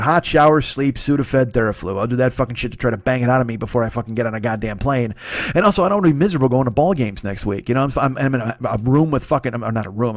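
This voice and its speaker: A man in his forties hosting a podcast, rambling through a profane, self-mocking comedy monologue while sick, his voice a bit hoarse and sniffly. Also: medium pitch, dry recording, studio quality. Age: 40s. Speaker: podcast host.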